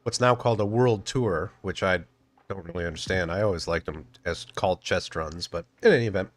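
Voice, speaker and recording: A man's voice: sits low, brisk, no room sound. A man casually commenting on his own gameplay, thinking aloud as he plays. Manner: relaxed, thinking aloud while playing. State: chewing food. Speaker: game streamer.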